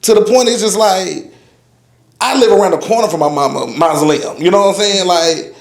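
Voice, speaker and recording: A man in his forties, a guest at a casual roundtable, rambles loosely and keeps saying "you know what I'm saying." His voice is high-pitched, brisk and gravelly, and the room is echoey.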